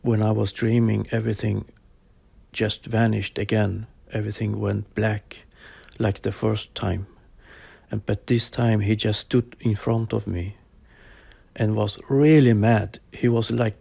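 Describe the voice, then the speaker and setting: Slow, gravelly man in his forties. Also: fairly low pitch, level tone, dark tone, dry recording. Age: 40s. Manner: halting, plain phrasing with frequent pauses and fillers. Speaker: storyteller sharing a personal experience. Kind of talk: personal spoken account.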